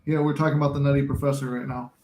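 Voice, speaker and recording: A man's voice: medium pitch, level tone, racing, a little mellow, roomy sound, slight background noise. A man hosting a casual live chat who jokes, laughs often and acts out movie scenes. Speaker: podcast host.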